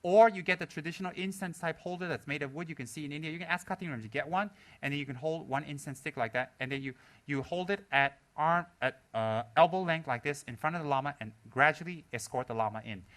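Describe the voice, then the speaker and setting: A man's voice: on the high side, fast, hardly any pauses. A male Buddhist lama giving a humorous dharma talk to his students. He talks animatedly, laughing and mimicking people as he goes. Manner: animated, acts out students' voices with gasps and laughter.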